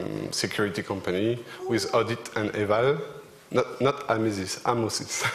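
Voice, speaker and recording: A young man with a French accent giving a technical conference talk, relaxed and joking lightly with the audience. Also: on the low side. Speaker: conference speaker. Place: large conference hall. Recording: echoey lecture hall with a faint hum.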